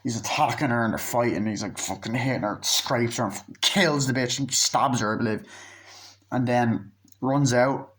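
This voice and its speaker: A man's voice: mid-range voice, moderate pace, a bit bright. Profane, rambling male movie reviewer. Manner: profane, rambling retelling full of "like" and acted quotes. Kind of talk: casual film plot recap.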